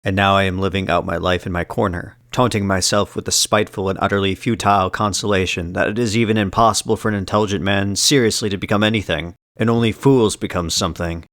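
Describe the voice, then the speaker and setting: A man narrating a first-person novel as an audiobook, with a measured, deliberate and bitterly ironic delivery. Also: deep voice, fairly even intonation, fairly bright tone, no room sound, clean studio sound.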